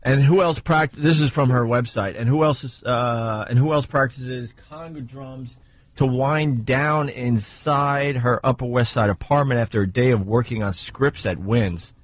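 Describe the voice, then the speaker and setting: A man hosting a radio talk show, reading out notes and reacting to his co-hosts. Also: mid-range voice. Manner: reads aloud, quick reactions. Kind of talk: casual radio banter.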